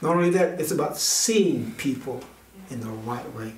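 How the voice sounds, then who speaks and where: A man's voice: mid-range voice, lively intonation, moderate pace, slight background noise. Man, minister, earnest storytelling sermon, distant mic, echoey church hall. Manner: earnest, storytelling, frequent restarts. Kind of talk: conversational sermon with personal story.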